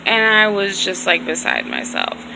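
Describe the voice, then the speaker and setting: A woman's voice: mid-range voice, wildly swooping pitch, measured pace, creaky, noisy background. A woman vlogger telling a long story casually, rambling, full of "like" and swearing, sounding tired and hurt. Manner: rambling, heavy on "like", frequent swearing.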